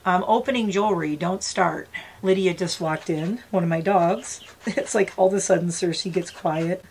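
A woman's voice: fairly low pitch, normal speed, darkish tone, a little hiss or hum. A woman in her fifties chatting casually as she unboxes gifts on her vlog, gushing and talking to her pet bird. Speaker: vlogger.

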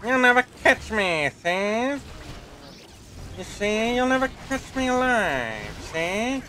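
A man's voice: very high-pitched, very animated, slow pace, pushed and bright, slight background noise, pitched above the performer's own voice, full character voice. A man doing a cocky old-timey mob gangster voice, tacking "see?" onto every line. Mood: taunting.

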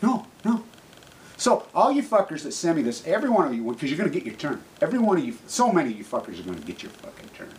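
A middle-aged man rants into the camera, every other word a curse. His voice sits a little high and lurches between low, bitter muttering and loud shouting. A faint background hiss runs under the recording. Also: wildly swooping pitch, fast talker, low-quality recording. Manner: furious, swearing constantly, swinging from low mutters to shouts. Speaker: activist vlogger. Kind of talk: angry profane rant to camera.

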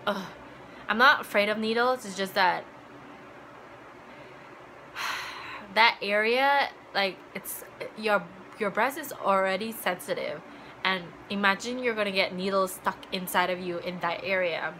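A young woman tells a personal story to her vlog audience, her voice bright and forward. She talks loosely, stacks up "like" fillers and slips into remembered dialogue. A light hiss sits under the recording. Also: medium pitch, measured pace, pauses often, rough recording. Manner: chatty, full of "like" fillers, acts out remembered dialogue. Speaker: vlogger.

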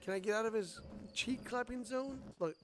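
A man's voice: very high-pitched, moderate pace, crowd noise. A man playing a horror game and joking with a friend, yelping and complaining as he plays. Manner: yelps and jokey complaints while playing. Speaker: let's play host. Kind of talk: casual gaming commentary.

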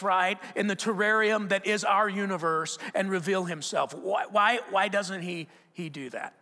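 High, gravelly-voiced pastor preaching. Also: male voice. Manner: conversational, repeats and restarts words; grows animated and loud when telling stories. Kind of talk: sermon. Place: church auditorium. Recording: long hall reverb from the church auditorium.

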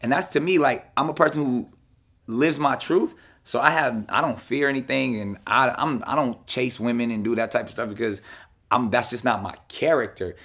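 A man speaking in an interview clip, lively and laughing at times. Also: medium pitch, moderate pace. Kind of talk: interview talk.

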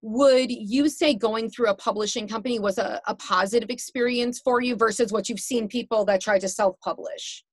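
A woman's voice: fairly high pitch, normal speed, few pauses, slightly rough, no room sound. Chatty woman host, encouraging, dry close sound. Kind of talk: interview host questions.

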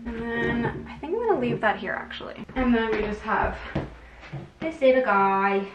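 A woman's voice: a little high, lively intonation, normal speed, highs cut off, noisy background. Chatty young woman vlogging at home. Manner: chatty, giggly, upbeat. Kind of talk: casual vlog chat. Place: at home, indoors. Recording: echoey room.

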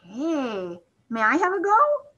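A woman's voice: high voice, huge pitch swings, slow, fairly bright tone, lo-fi sound, voice pushed up, full character voice. A woman voicing Hare, an eager, friendly young male hare in a storybook read-aloud. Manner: eager, pleading.

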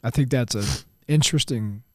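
A man's voice: medium pitch, moderate pace, no room sound, studio quality. A man hosting a casual interview, asking earnest, rambling questions. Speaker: podcast host.

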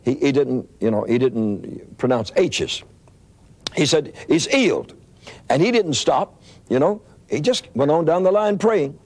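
Older preacher with a lively swooping voice. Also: male voice, a little high, unhurried. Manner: animated anecdotal storytelling with frequent restarts. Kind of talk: storytelling sermon.

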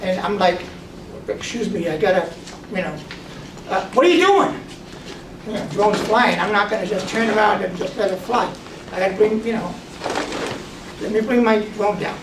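A man with a high, animated voice speaks at normal speed with long pauses, casually telling stories about his drone photography work and acting out the voices of people he quotes. The recording is roomy and noisy, captured from a distant mic.

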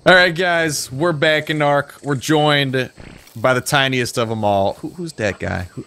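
A man's voice: mid-range voice, a little slow, pushed and bright. A man joining a gameplay video as guest, goofy and playfully melodramatic. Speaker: guest player. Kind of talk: casual gameplay banter.

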